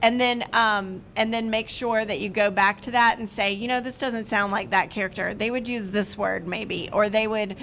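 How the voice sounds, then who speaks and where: A woman filmmaker on a panel giving writing advice in a lively way, acting out quoted lines as she talks. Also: medium pitch, moderate pace, hardly any pauses, a little hiss or hum. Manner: lively, acts out quoted speech.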